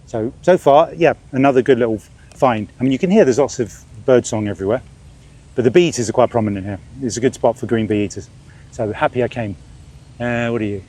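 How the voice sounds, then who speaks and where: Sweaty and swatting at ants and other bugs, a middle-aged man birdwatches in a park and rambles through a casual, stop-start vlog narration. He talks fast, with a mid-range voice and a darkish tone.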